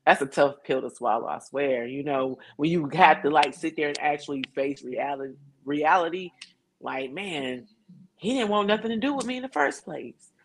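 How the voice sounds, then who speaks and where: Woman, podcast guest, casual chat, relaxed, laughs easily, faint noise behind. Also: low-pitched, normal speed, rough recording.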